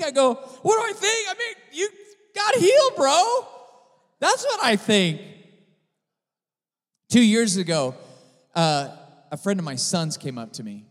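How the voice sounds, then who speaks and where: Man preaching with hall reverb. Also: mid-range voice. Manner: impassioned, swings from loud emphatic preaching to quiet storytelling. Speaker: pastor. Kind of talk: sermon.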